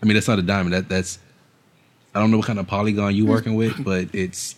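A man's voice: lowish voice, little pitch movement, fast. A man co-hosting a casual comedy chat, joking and acting out quoted voices. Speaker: podcast co-host.

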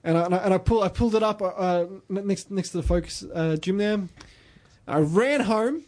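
A man's voice: high-pitched, normal speed, a little mellow. An Australian man hosting a podcast, telling long rambling stories in casual chat with lots of restarts. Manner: rambling storyteller with many restarts. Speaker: podcast host.

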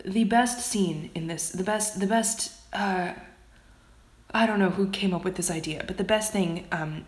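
A woman with a slightly low voice reviews a book in an unscripted ramble. She hedges and restarts constantly with fillers and drops the odd swear word. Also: reverberant. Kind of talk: casual vlog rant.

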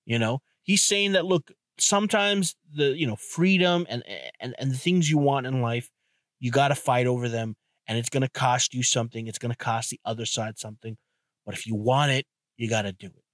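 A man's voice: medium pitch, moderate pace, no echo. Chatty, rambling man, dry and close. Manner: loose, rambling and profane, with many restarts and "you know". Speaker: podcast host. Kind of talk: casual solo podcast monologue.

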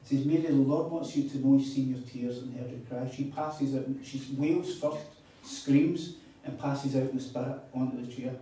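A man's voice: mid-range voice, steady tone, normal speed, warm tone, a little hiss or hum. A man preaching a sermon, telling stories with emphatic repeats. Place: hall at a retreat. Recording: echoey hall, mic far off.

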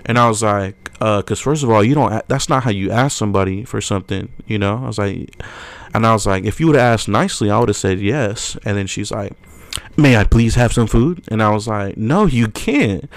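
Animated young man telling a story. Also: on the low side, a little fast, creaky, no echo. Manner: animated storyteller, acts out quotes loudly. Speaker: podcast co-host. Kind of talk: casual podcast storytelling.

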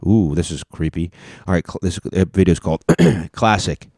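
A man with a very low voice riffs casually over clips he is watching, talking over them in a loose, joking way. The sound is dry and close, with almost no room around him. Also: moderate pace, a little mellow, no room sound. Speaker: podcast host. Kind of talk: casual commentary reacting to videos.

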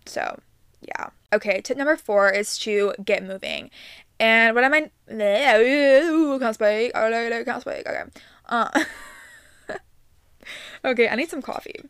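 A woman's voice: on the high side, sing-song, measured pace, vocal fry, long pauses, bright, forceful tone, smooth, no room sound. A young adult woman hosting her own podcast, giving casual upbeat advice with many ums and likes. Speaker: podcast host.

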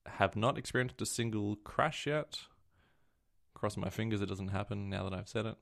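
A man's voice: lowish voice, moderate pace, vocal fry, fairly bright tone. A man co-hosting a casual tech podcast, telling stories in a rambling way and correcting himself as he goes. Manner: rambling, self-correcting storyteller. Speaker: podcast co-host.

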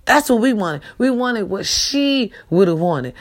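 A woman with a Black voice pleads straight to camera, emotional and insistent. She repeats her appeals over and over, dropping low and hushed, then rising high and loud. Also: animated, unhurried. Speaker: granddaughter making a public appeal.

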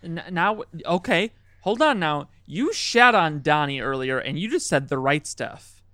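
A male podcast host with a smooth, clear voice, heard close and dry. He needles his guests with fast, profane comedy banter. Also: fairly high pitch, animated, bright, forceful tone, no room sound. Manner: quick, teasing, swears. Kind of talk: improvised comedy chat.

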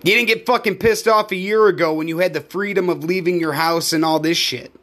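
A man's voice: high voice, fairly quick, a bit bright. A man, hosting a podcast, ranting alone in a heated and profane way. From United States. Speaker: podcast host; live performer. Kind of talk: angry solo rant.

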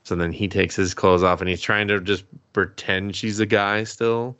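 A man's voice: fairly low pitch, little pitch movement, normal speed, a bit bright, dry recording, lo-fi sound. A man co-hosting a podcast, recapping an anime plot in a rambling, laughing, casual way with some swearing. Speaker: podcast co-host. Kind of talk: casual anime review chat.

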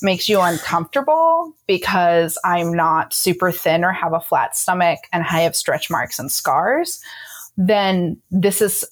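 A woman's voice: on the low side, lively intonation, a little slow. A woman speaking in an interview as a burlesque performer, frank and sassy, with many ums and frequent laughs. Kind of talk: candid interview talk.

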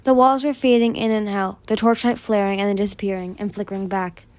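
A woman's voice: mid-range voice, level tone, brisk, a little mellow, no room sound. Woman reading a fantasy novel aloud. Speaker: audiobook reader. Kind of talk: fan audiobook reading.

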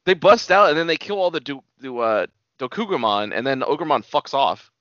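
A laid-back young man co-hosting a podcast, explaining things for listeners in an easy, friendly way. His voice sounds bright and forward. The recording is dry and slightly dull, with a lo-fi quality. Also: fairly high pitch, lively intonation, fairly quick, dry recording. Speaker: podcast co-host. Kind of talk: casual chat recapping a cartoon.

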